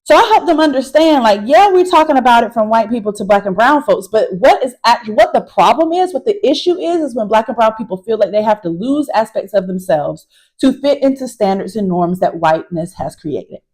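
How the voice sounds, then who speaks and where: Sitting in a parked car, this college instructor talks a little fast in a voice on the high side, going over her class casually. She addresses her audience as y'all with lively emphasis, over a rough recording.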